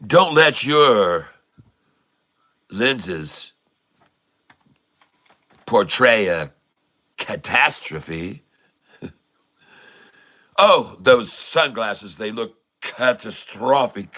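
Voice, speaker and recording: A man's voice: fairly low pitch, sing-song, extremely slow, long pauses, sharp tone. A middle-aged man hosting a casual livestream, cracking puns and laughing often. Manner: jokey and pun-loving, laughs often. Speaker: livestream host.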